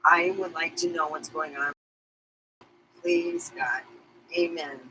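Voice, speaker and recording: A woman's voice: low voice, fairly even intonation, slow, noisy background. A middle-aged woman talking candidly and emotionally to her viewers in a rambling confessional vlog, swearing casually. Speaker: vlogger.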